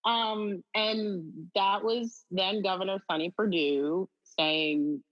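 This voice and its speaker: A middle-aged woman, a guest on an interview, telling a personal story in an animated way with many fillers. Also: mid-range voice, slow pace, few pauses. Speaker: guest, district attorney. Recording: slightly dull audio.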